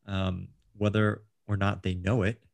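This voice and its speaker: A man's voice: lowish voice, level tone, unhurried, gravelly, dry recording. A middle-aged man hosting a casual interview, rambling with many ums and restarts. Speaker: host.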